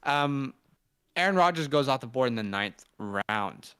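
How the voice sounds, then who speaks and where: Young man, co-host, casual joking chat, bright voice, smooth clear tone. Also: medium pitch, expressive, a little slow. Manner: loose, joking, hypes viewers. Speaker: fantasy football podcast co-host. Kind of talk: casual live mock-draft chat. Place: indoors, living in Sydney.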